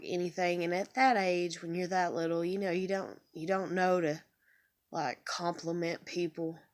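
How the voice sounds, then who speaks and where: A young woman in a rambling, profane, emotional monologue, near tears as she talks from her bedroom. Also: on the low side. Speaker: vlogger. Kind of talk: emotional personal monologue to camera.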